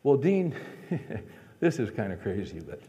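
A man's voice: medium pitch, big pitch swings, slow pace, dark tone, lo-fi sound. A man preaching a sermon in a chatty, folksy storytelling way, acting out the dialogue in his stories. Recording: long reverb of a large hall.

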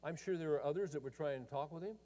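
Middle-aged pastor with a hall echo. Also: male voice, fairly high pitch, fast talker, warm tone. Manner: conversational storytelling with quoted dialogue. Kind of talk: sermon. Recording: long reverb of a large hall.

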